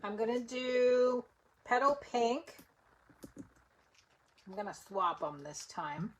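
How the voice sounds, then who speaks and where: A woman's voice: on the high side, lively intonation, extremely slow, slightly rough, lo-fi sound. A woman giving a live papercraft demonstration, chatting to viewers step by step as she works. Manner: chatty, step-by-step, talks to viewers while working. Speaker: papercraft instructor.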